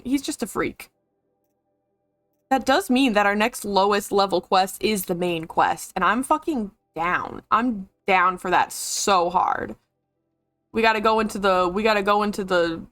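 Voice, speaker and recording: An excitable woman commentating on a video game during a live stream, chatting freely and swearing. Her voice sits fairly high and leaps around in pitch. The sound is close and dry, with faint game music underneath. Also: no room sound.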